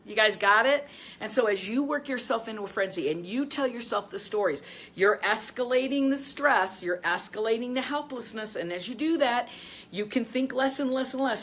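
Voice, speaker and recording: A middle-aged woman coaching listeners through stress. She talks with energy and emphasis, laughs often, and goes soft and low when she leads them through slow breathing. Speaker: coach and show host. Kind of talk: motivational talk with guided breathing.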